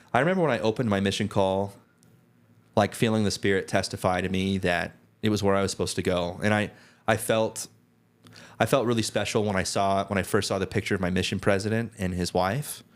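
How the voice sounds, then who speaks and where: A man's voice: on the low side, steady tone, brisk. A young man co-hosting a podcast, telling rambling stories in casual chat with lots of fillers. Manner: rambling, many restarts and "like" fillers. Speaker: podcast co-host.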